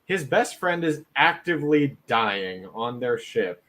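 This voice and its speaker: A man's voice: medium pitch, big pitch swings, unhurried, a bit bright. Earnest man, casual podcast co-host.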